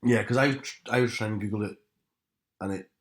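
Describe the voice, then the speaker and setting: A man's voice: lowish voice, a little fast. Dry, teasing young Englishman. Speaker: podcast co-host. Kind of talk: casual chat.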